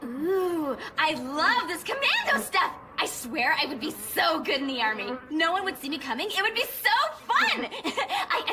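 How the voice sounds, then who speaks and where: A woman's voice: very high voice, sing-song, normal speed, hardly any pauses, over music. An actress voicing a manic, hyperactive teenage girl contestant in a cartoon, giggling and jumping wildly around in her delivery. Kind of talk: cartoon voice acting.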